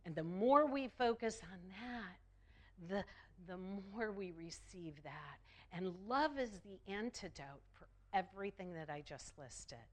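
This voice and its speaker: Slow, emphatic woman minister preaching. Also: medium pitch, lively intonation. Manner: slow, emphatic, repeats phrases for effect. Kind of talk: sermon.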